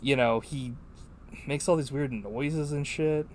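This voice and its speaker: A man rambles casually through a film discussion on a podcast, stacking up fillers and swearing freely. His voice sits at an ordinary middle pitch. A faint hiss runs under the recording. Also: slow pace. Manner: rambling, profane, full of "like". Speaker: podcast co-host.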